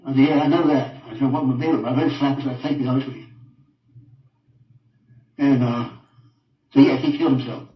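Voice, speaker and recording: An older man giving a halting personal account in an interview, repeating himself and often trailing off quietly. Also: medium pitch, steady tone. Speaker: interviewed father. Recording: roomy, distant, dull audio.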